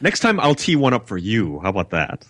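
Low-voiced, easygoing man co-hosting. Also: wildly swooping pitch, fairly quick, fairly bright tone, slight background noise. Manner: self-deprecating, easygoing. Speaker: podcast co-host. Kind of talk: casual chat.

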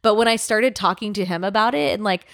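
A woman's voice: medium pitch, fast talker, vocal fry, a bit bright. A young woman co-hosting a podcast, telling a long personal story in casual chat, rambling with many fillers and frequent swearing. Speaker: podcast co-host.

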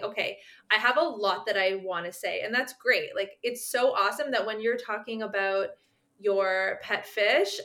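A woman's voice: mid-range voice, bright, forceful tone. A woman speech therapist explaining her approach at length in a podcast conversation, with frequent fillers.

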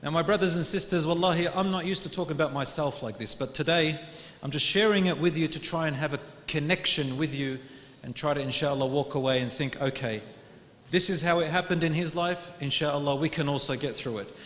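A male preacher telling a personal story in an earnest sermon, his voice rising to loud urging and dropping to hushed tones, with Arabic religious phrases woven in. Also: fairly high pitch, brisk. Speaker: Islamic preacher. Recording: echoey hall.

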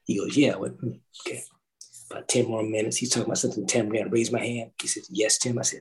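A middle-aged man, a former orchestral timpanist, telling an animated story in a roundtable talk, acting out quotes and singing drum parts. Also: fairly low pitch, rapid-fire, gravelly, rough recording. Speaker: orchestral timpanist recalling his start.

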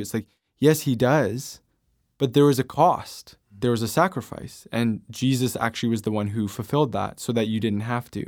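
A man hosting a faith podcast, telling stories earnestly in relaxed conversation. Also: medium pitch, normal speed, dry recording, clean studio sound. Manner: earnest storytelling. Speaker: podcast host.

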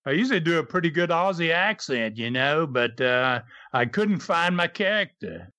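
A man's voice: a little high, sing-song, normal speed, sharp tone, no room sound. An older man, a former wrestling promoter, chatting easily as a podcast guest. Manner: easygoing, hesitant with uh fillers. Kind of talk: casual podcast chat.

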